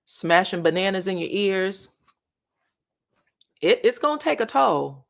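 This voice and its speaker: A woman's voice: mid-range voice, animated, a little slow, vocal fry. A woman hosting a casual reality-show commentary, chatting and reading viewer comments aloud. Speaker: commentary channel host.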